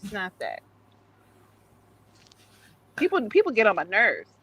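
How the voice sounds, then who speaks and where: A woman's voice: medium pitch, wildly swooping pitch, unhurried, highs cut off, slight background noise. Chatty woman with a New York accent. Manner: chatty, laughs easily, opinionated. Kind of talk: casual late-night chat.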